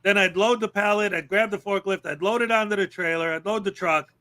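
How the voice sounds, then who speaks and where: A male livestream host with a high, bright, forceful voice. He rants with sarcasm and drifts into rambling, long-winded stories during casual commentary chat. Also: fairly even intonation, fairly quick.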